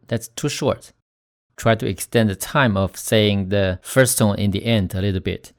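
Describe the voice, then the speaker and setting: A man teaching Chinese pronunciation in a scripted lesson, slowly demonstrating tones with stressed example words. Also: lowish voice. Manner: slow, deliberate, demonstrating tones with stressed syllables.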